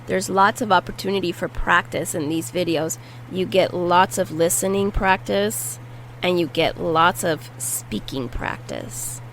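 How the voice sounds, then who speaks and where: Slow, patient woman teaching vocabulary. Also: on the low side, slight background noise, rough recording. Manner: patient, repeats each word slowly and spells out sounds. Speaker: Spanish teacher. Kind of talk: vocabulary lesson with repetition drills.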